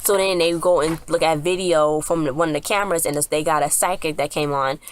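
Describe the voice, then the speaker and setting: A woman's voice: low-pitched, steady tone, a little fast, a little hiss or hum. A woman casually recapping a TV episode, rambling with lots of fillers and restarts. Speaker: TV episode reviewer.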